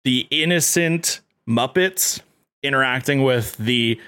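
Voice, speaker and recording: A man in casual chat, rambling excitedly and leaning on filler words as he talks. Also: mid-range voice, slow, clear, resonant tone, dry recording, clean studio sound.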